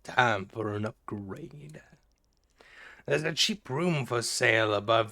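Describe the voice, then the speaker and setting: A young man narrating his own gameplay in a relaxed, unhurried drawl. He jokes around goofily and reads the game's messages aloud in a middle-pitched voice. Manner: joking, goofy, reads game text aloud. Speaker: gaming video creator. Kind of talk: let's play commentary.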